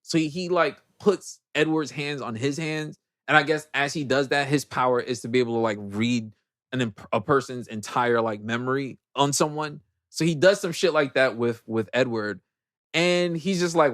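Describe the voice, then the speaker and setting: A man's voice: mid-range voice, normal speed, a bit bright. A young man casually recapping a movie on a podcast, acting out the characters and laughing as he goes. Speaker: podcast host.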